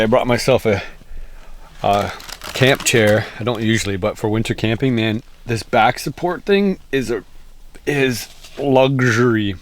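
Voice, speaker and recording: A man chats loosely to his camera while camping in the snowy woods. His voice sits a little low, and faint outdoor noise is heard behind him. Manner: relaxed, chatty, rambling. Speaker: vlogger. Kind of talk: casual outdoor vlog narration. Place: winter woods and canvas tent.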